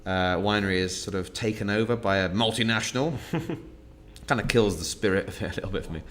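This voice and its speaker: A man's voice: on the low side, a little fast, fairly bright tone. A man hosting an online wine tasting, chatting casually and laughing often at his own jokes.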